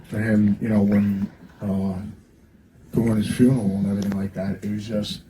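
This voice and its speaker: A man's voice: on the low side, flat delivery, moderate pace, dark tone, a little hiss or hum, rough recording. A man, the guest musician at a Q&A, telling rambling stories full of fillers and laughter. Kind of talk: casual storytelling to an audience. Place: record store event.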